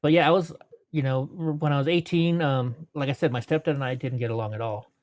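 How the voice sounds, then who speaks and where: A man in his late forties spins loose, rambling stories in an easy, mid-pitched voice. He corrects himself mid-sentence and keeps moving. The recording is dry and close, with no room sound. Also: fairly even intonation, fast, darkish tone, dry recording. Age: 40s. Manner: rambling, self-correcting, laughs between anecdotes; puts on voices when quoting people. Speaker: interview guest. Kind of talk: storytelling in casual interview.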